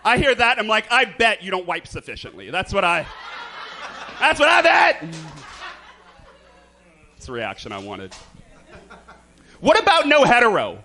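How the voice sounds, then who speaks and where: A high, bright-voiced man with a slight lisp and a light drawl, working a comedy club crowd. His pitch swings wide and lively as he lands campy, theatrical bits and fires off quick asides at the audience. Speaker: stand-up comedian. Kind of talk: live stand-up comedy.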